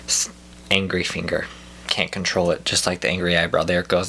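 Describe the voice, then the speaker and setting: A young man doing a deadpan, profane comedic rant to camera at home, full of mock outrage. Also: deep voice, brisk, slight background noise. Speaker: comedy vlogger. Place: at home indoors.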